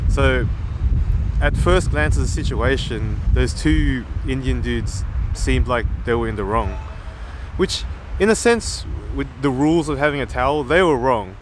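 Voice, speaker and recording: A man's voice: medium pitch, lively intonation, measured pace, noisy background. A man telling a story in a reflective vlog, rambling and self-critical with many fillers. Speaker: vlogger.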